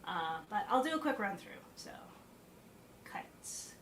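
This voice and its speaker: Chatty piano teacher. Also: female voice, mid-range voice, very animated, fairly quick. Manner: chatty, thinking aloud with fillers and asides. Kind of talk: casual practice-session talk. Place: home practice room with piano. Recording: roomy practice room, faint background noise.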